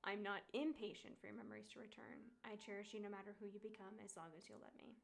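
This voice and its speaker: A woman reading the softly spoken lines of a gentle, caring young man from a game. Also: mid-range voice, level tone, fast, gravelly, slight background noise, close to an everyday voice. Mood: tender. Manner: softly read aloud. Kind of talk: reading game dialogue aloud.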